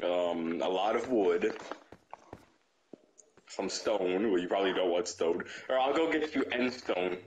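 A man's voice: low voice, measured pace, long pauses. A young man chatting casually while gaming, playful and teasing, laughing often. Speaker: gamer. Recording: echoey room with noise.

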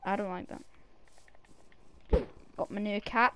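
A male gaming creator giving casual gameplay commentary from a desk mic, chatty, with sudden excited shouts at an in-game cat. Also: high voice, slow, long pauses, slight background noise.

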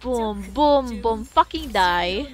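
A young woman, livestreaming a game in casual chat, excitable and cursing with sudden loud outbursts. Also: on the high side, slow pace, soft background music. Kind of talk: casual gaming stream chat.

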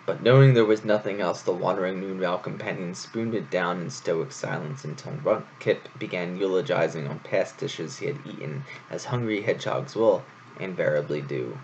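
Gravelly man reading a story aloud. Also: sits low, normal speed, a little mellow, a little hiss or hum. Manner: casual, rambling asides. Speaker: reader of a novel. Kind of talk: casual read-aloud storytelling. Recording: dull lo-fi home recording.

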